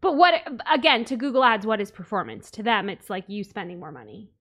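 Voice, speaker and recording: A woman's voice: mid-range voice, big pitch swings, a little fast, fairly bright tone. A woman hosting a podcast, reading news items aloud with dry asides in casual chat. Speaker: podcast host.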